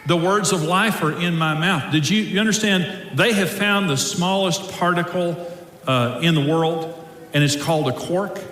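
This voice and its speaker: Guy preaching a sermon, kinda high voice, big echoey hall, faint room noise. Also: normal speed, a bit bright. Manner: preaching to a live audience, emphatic. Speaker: pastor.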